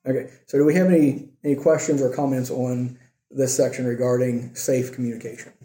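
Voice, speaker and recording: Male Bible class teacher, mellow voice, echoey room, asks the class questions. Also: mid-range voice, steady tone, brisk. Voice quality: says he has trouble with R's. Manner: asks the class questions, frequent "okay" and "right". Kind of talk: church class teaching on marriage.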